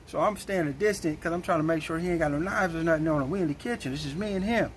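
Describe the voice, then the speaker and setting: A man telling a story in a casual, animated and blunt way, with plenty of slang. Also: on the high side, fast, a little hiss or hum.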